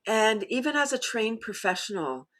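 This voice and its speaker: Woman, middle-aged, bright tone, animated, laughs often, guest in an interview. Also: fairly high pitch, moderate pace. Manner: animated, bursts into demonstration laughs. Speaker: laughter yoga leader, guest. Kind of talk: conversational interview.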